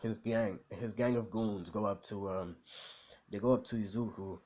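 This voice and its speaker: Lowish-voiced guy rambling about anime, tons of fillers, super slangy. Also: steady tone, normal speed, mellow. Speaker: anime vlogger. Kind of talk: casual chat.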